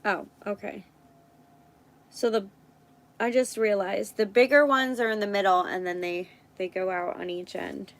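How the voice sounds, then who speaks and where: A woman's voice: mid-range voice, steady tone, unhurried, rough recording. A woman hosting a casual live stream, thinking aloud as she works and chatting with viewers. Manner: thinks aloud while working, chats with viewers.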